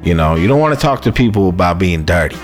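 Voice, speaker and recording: A man's voice: deep voice, lively intonation, fast, faint music behind. A man co-hosting a radio podcast in casual chat, laid-back and reading listener comments aloud with emphasis. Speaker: podcast co-host. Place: podcast studio.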